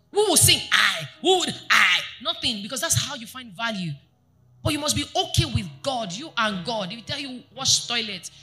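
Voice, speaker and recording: A woman pastor preaching a sermon to her congregation, animated and often asking them questions. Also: on the high side. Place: church.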